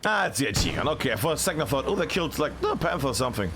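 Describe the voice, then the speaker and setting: Excitable high-voiced male game caster. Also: rapid-fire, noisy background. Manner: chatty and excitable, many fillers. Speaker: esports caster. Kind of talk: live game commentary.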